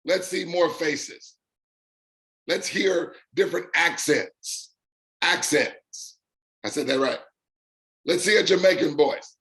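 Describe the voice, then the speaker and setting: Emphatic man with a higher voice. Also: unhurried, pauses often. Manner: emphatic, repeats phrases in punchy lists. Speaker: host of an online business community. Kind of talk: unscripted live talk.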